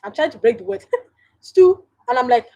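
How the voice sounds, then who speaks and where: A woman's voice: on the high side, animated, moderate pace, warm tone, poor audio. A woman with a Nigerian English accent hosting a casual live stream from home, chatting directly to viewers and laughing often.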